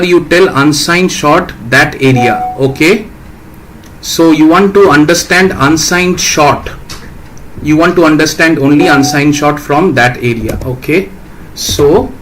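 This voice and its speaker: A man's voice: fairly high pitch, a bit bright, slight background noise, rough recording. Man teaching a live coding class. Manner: explains patiently, reads out questions, asks "right?". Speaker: programming teacher. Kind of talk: live-streamed lecture answering viewer questions.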